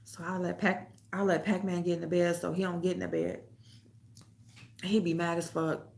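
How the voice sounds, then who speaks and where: A woman's voice: on the low side, little pitch movement, moderate pace, gravelly, darkish tone. A woman hosting a casual chat, telling stories loosely with lots of laughing and swearing, and speaking. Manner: loose storytelling, laughs often, swears freely, reads comments aloud. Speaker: host.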